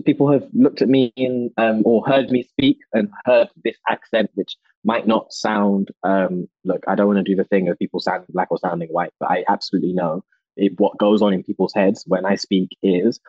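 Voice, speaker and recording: Husky young man, passionate. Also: dry recording, dull audio. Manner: passionate, restarts often, rising pitch when animated. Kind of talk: candid conversational interview.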